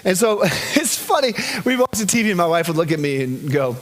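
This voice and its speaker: A man preaching as a pastor, telling a personal story in an animated way that swings between loud bursts and hushed, gentle reciting. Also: high voice, a little fast. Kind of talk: sermon storytelling.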